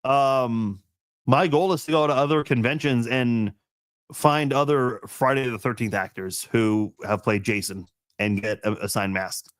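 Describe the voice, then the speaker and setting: A man's voice: mid-range voice, steady tone, a little slow, smooth, dry recording. A man hosting a casual live-stream chat, reading viewers' comments in a rambling, laid-back way with frequent laughs, fillers and restarts.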